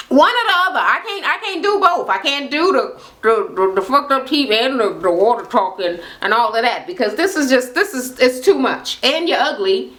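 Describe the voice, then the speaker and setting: A married woman recapping a reality show in casual chat, rambling, swearing freely and acting out quotes as she goes. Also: sits high. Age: adult, married. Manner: animated, profane and rambling, often acting out quotes.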